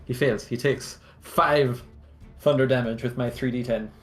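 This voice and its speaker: A player in a tabletop game, animated and quick to laugh. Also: medium pitch, soft background music.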